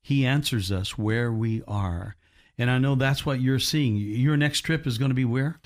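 A man hosting a faith talk show, speaking in an earnest, slow, prayerful way. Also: medium pitch. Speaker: podcast host.

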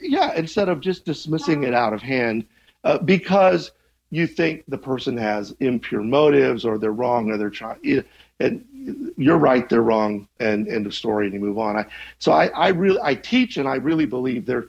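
Gravelly fifty-something man, lo-fi sound. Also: mid-range voice, animated, moderate pace, a little mellow. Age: 50s. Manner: thoughtful, restarts often, chuckles. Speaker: journalism teacher, guest. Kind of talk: conversational interview.

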